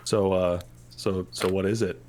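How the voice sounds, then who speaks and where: A man playing a tabletop game, describing his character's actions in a deliberate, wry way. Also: deep voice, little pitch movement, a little mellow, slight background noise. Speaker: player. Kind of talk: tabletop role-play.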